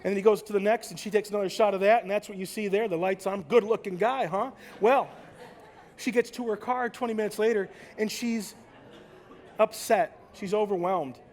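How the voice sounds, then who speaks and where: High-voiced, profane American man storyteller. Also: moderate pace. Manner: emotional, animated, swears freely. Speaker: conference speaker. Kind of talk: live stage talk.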